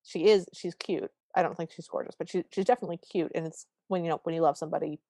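A podcast co-host, a woman with a lowish voice, rushes through a film recap in casual conversation, animatedly acting out what the characters say. She talks fast, and there's no room sound.

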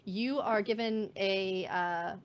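A woman's voice: medium pitch, slow, clean tone. A woman narrating as game master of a tabletop game, chatty and full of fillers. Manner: chatty, filler-heavy, laughs easily.

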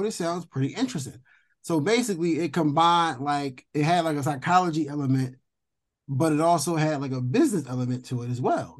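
Young man, co-host; loose, profane, animated storyteller with a somewhat high voice. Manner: animated, profane, jumps high in pitch when indignant. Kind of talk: casual storytelling chat.

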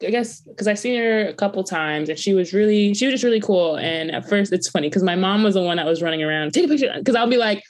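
A young woman co-hosting a casual chat, telling a story with animated quoted voices. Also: mid-range voice, quick pace, hardly any pauses. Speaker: podcast co-host.

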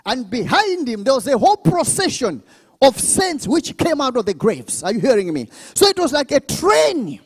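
A male pastor preaching in a church service, his voice very high and swinging widely in pitch. He calls out to the congregation for answers and breaks into shouts and speaking in tongues. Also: huge pitch swings, normal speed, breathy edge, big-room sound. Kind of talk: sermon.

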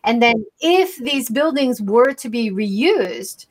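Woman host on a livestream, kinda high voice, casual engaged chat. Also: expressive, slow pace. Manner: engaged, ends points with "right?".

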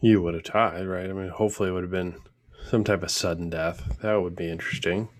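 A man's voice: low voice, fairly even intonation, fast talker. A man co-hosting a casual podcast, chatting in a joking, profane manner. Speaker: podcast co-host. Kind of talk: casual chat.

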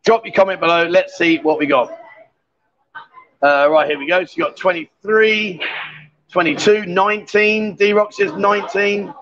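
A man with a high, light voice hosts a live stream from a bar, teasing and joking with his guests in easy banter. The audio is dull and lo-fi. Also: steady tone, moderate pace, a bit bright. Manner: teasing, jokey and chatty. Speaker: livestream host.

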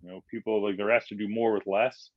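Animated storytelling man, dull dry sound. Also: lowish voice, fast talker, no echo. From Philadelphia. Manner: animated, acts out quotes in changing voices. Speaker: guest, firefighter. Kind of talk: casual storytelling in a podcast interview.

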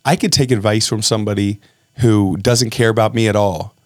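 A man's voice: fairly low pitch, a little fast, dry recording, studio quality. A man hosting a podcast, talking candidly and with animation, often acting out what others said. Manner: animated, acts out quoted dialogue in a raised voice; candid and self-reflective. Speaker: podcast host. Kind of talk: casual podcast conversation.

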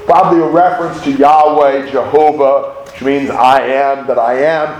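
A man teaching a Bible study to a group, emphatic and animated, often asking rhetorical questions. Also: mid-range voice, normal speed. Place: room with a group of listeners. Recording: roomy echo, faint background noise.

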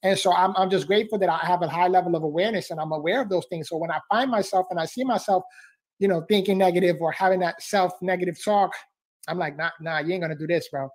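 A man's voice: sits high, fast. A man speaking as a podcast guest, fervent and motivational, repeating phrases and calling the host bro and man.

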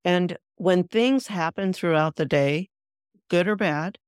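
A woman hosting a spiritual podcast, explaining a practice in a calm, deliberate way and slowing down on key words. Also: lowish voice, clean tone, dry recording, clean studio sound. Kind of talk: instructional spiritual talk.

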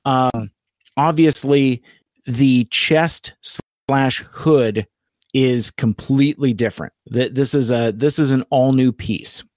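A man chats his way through a live-stream toy review in a halting, rambling manner, stopping often and starting over. His voice sits at an ordinary middle pitch. The sound is dry and close, with no room echo. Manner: rambling, halting, many fillers and restarts.

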